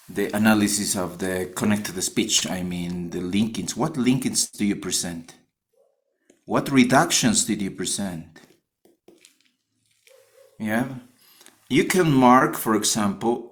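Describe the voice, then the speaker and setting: A male teacher with a Spanish accent walks his class through a phonetics assignment. His voice sits low and his delivery is slow and careful. He restates and corrects his own phrasing as he explains. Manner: repeats and rephrases himself while explaining.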